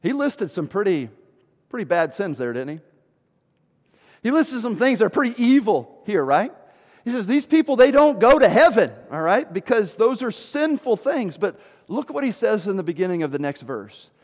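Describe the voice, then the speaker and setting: High-voiced preacher in a reverberant hall. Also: male voice, very animated. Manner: emphatic preaching, dropping low and slow for scripture, rising loud for stress. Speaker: pastor. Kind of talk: sermon.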